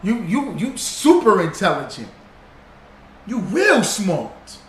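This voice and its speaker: Slow and high-voiced, this man's pitch swoops wildly as he hosts a livestream. He reads out viewer comments, greets people by name, and teaches casually and loosely, repeating things to drive them home. The audio carries a roomy echo and faint noise in the background.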